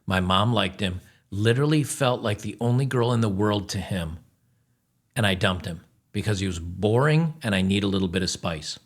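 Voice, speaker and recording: A man's voice: fairly low pitch, expressive, moderate pace. A man hosting a reaction commentary, scornful and lecturing, repeating his points. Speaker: commentary host.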